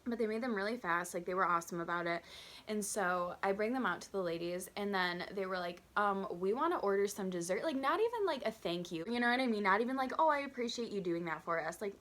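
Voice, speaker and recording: A woman's voice: medium pitch, fast. Chatty young woman telling a story. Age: 20s. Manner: chatty, animated, acts out customers and her own waitress voice. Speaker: vlogger. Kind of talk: storytime vlog.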